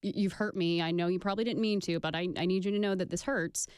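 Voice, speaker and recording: A woman's voice: fairly low pitch, fairly even intonation, fast talker, a little mellow, smooth, no room sound, clean studio sound. A woman talking on a radio show, earnest and reasoning aloud with plenty of "like". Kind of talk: casual radio talk.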